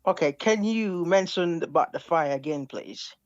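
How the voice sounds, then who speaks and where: A man calling into a live online debate, hesitant and restarting often, asking the other side to slow down. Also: a little high, lively intonation, dry recording, muffled recording. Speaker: caller in a debate.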